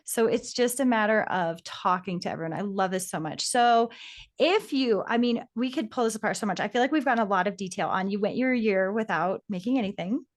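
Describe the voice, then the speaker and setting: A woman's voice: medium pitch, fairly quick. A woman hosting a casual podcast interview, responding with encouragement and asking follow-up questions. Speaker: podcast host.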